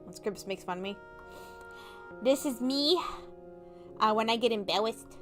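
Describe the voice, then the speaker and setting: A woman's voice: mid-range voice, moderate pace, a bit bright, soft background music. A young woman chatting casually on a livestream, bubbly and giggly, acting out little reactions. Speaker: vtuber streamer.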